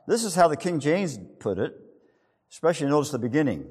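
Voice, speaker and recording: A man's voice: on the high side, big pitch swings, fairly quick, darkish tone, husky, big-room sound. A man preaching a sermon who reads scripture and retells it as a vivid story full of rhetorical questions. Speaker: pastor.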